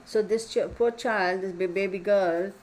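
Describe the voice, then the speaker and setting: With a steady, unhurried, mid-range voice, a woman from Texas talks casually and opinionatedly to her tarot channel's viewers, frequently saying y'all. The poor audio carries slight background noise, and a neighbor's dog can be heard barking through the open window of her home room.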